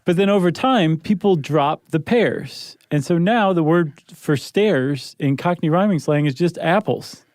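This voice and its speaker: A man's voice: fairly high pitch, lively intonation, unhurried, few pauses, darkish tone, dry recording, studio quality. Joking American man co-hosting a podcast. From United States. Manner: playful, jokey, laughs often. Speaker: podcast co-host. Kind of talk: casual chat.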